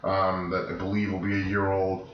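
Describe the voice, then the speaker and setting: A man co-hosting a podcast in casual chat, sick with his voice deeper than usual, talking emphatically in rambling restarts. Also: monotone, moderate pace. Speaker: podcast co-host. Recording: echoey room, dull lo-fi sound, faint noise.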